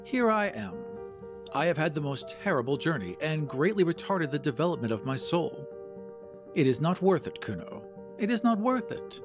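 A man's voice: on the high side, big pitch swings, moderate pace. A man voicing a prim, superior woman devoted to the machine, speaking in a fussy, indignant audio drama over music.

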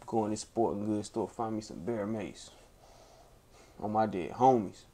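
Speaking a little slowly in a fairly low, dark voice, a man plays an angry young man who storms off to grab bear spray. He mock-fumes throughout, groaning and sighing theatrically.

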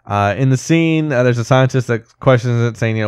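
A podcast co-host chats casually and reads film trivia notes aloud, laughing often. His voice is medium-pitched, fairly quick and clean, captured in a dry, clean studio recording.

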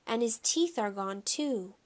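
A woman voicing a calm, matter-of-fact schoolboy in a children's story, speaking in a flat, offhand way. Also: on the high side, unhurried.

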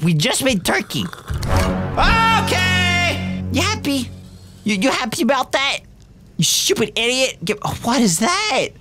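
A woman hosting gameplay commentary, excitable and reactive, often breaking into shouts. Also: high voice. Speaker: gaming video host. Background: game music.

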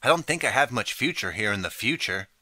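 A man's voice: mid-range voice, animated, brisk, pushed and bright, dry recording. A man voicing a flustered young time traveler. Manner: stalling, fumbling excuses.

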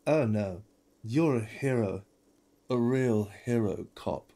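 A man's voice: medium pitch, slow, dark tone. A man voicing a surly, dismissive male cafeteria manager in a game, with a vaguely European put-on accent and a curt, sarcastic manner.

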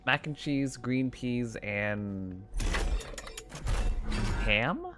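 A man's voice: mid-range voice, very slow, pauses often, over music. A man streaming a game, chatting playfully and rambling to his viewers and his pets. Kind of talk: casual gameplay stream chat.

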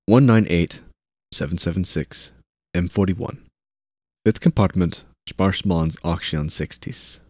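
A man reading a war novel aloud as narrator, with steady narration and shouted dialogue lines. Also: sits low, slow, no room sound, clean studio sound. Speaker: audiobook narrator.

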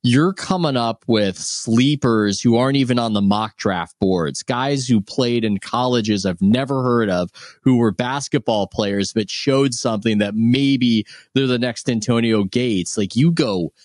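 A man's voice: medium pitch, measured pace, darkish tone, dry recording, studio quality. A man hosting an interview, asking long, winding questions. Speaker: podcast host.

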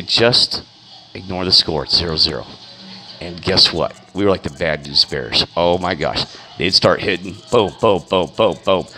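A youth baseball coach tells stories in a casual monologue, animated and acting out the people he quotes in a raised voice. His voice is on the low side, and the recording is rough.

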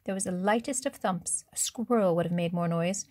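In a dry recording, a woman with a voice on the low side narrates an audiobook, delivering the scripted text in a calm, even storytelling manner.

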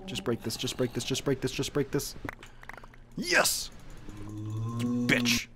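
A young man commentating his survival game, swearing often, talking to the monsters and bursting into loud outbursts. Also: mid-range voice, fairly quick, background noise. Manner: swears a lot, animated outbursts, talks to game mobs. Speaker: gaming video creator. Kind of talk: let's play commentary.

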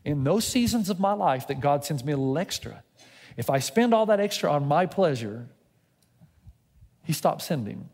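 A man's voice: fairly high pitch, sing-song, moderate pace, darkish tone. A middle-aged pastor preaches a sermon in a slightly raised voice. He tells stories and plays out both sides of a dialogue with God. His words ring out with a long reverb that fills the church hall. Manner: storytelling preacher who acts out dialogue with God.

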